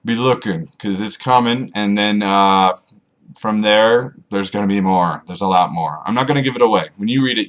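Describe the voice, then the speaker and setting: A man vlogging to his camera, rambling and joking at himself in a monotone way. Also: fairly low pitch, moderate pace. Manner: self-mocking, rambling, jokey asides. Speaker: author vlogger. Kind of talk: rambling casual vlog to camera.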